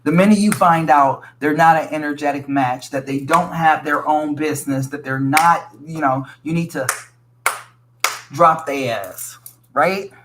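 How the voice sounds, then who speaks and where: A man with a somewhat high-pitched voice gives a casual tarot reading straight to his viewers. He talks bluntly and frankly, swears freely and keeps calling the listener sweetie. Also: unhurried, a bit bright, a little hiss or hum. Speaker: tarot reader.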